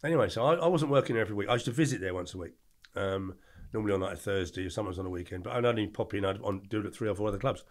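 An older man, telling colourful anecdotes as a podcast guest in an animated, slangy way. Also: fairly low pitch, very fast. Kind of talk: storytelling interview.

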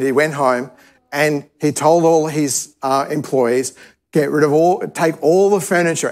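A man teaching at a church service in a middle-pitched voice. He tells a parable in a loose, conversational style and often stops to restart a sentence as he goes. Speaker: preacher. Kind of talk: sermon teaching.

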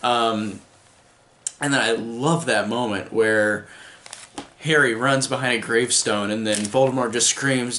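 A man's voice: mid-range voice, fairly even intonation, unhurried, bright, forceful tone, slight background noise. A man giving a casual, enthusiastic film review, rambling with restarts.

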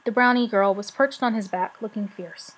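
A woman narrating a novel aloud for her channel, in steady storytelling. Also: medium pitch, moderate pace, slightly rough. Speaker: channel host reading aloud.

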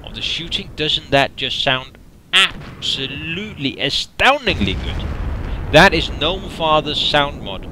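A man's voice: fairly high pitch, sharp tone. A man giving casual, wry commentary over his own tank gameplay. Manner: wry, dry humor, self-deprecating. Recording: noisy game audio underneath.

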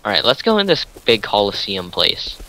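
A man's voice: fairly low pitch, sing-song, normal speed, bright, forceful tone, low-quality recording. A young man chatting casually with a friend while they play, laid back and making crude quips. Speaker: co-player. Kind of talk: casual gameplay chat.

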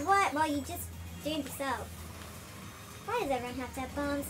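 An Australian woman host giving chatty, excitable let's-play commentary, her voice sped up to a chipmunk pitch. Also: fairly quick, over music. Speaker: gaming channel host.

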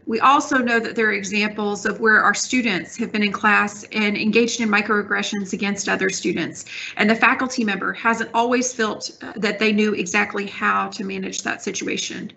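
A woman's voice: mid-range voice, steady tone, moderate pace, vocal fry, pushed and bright. A woman university administrator giving a careful, composed response at a town hall. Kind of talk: formal prepared response.

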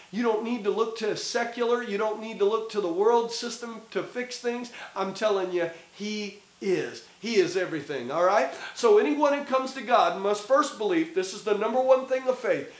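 Emphatic high-voiced pastor in echoey room. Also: male voice, lively intonation, moderate pace, hardly any pauses. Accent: Midwestern American. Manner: emphatic, repeats key words for stress. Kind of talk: short video Bible teaching.

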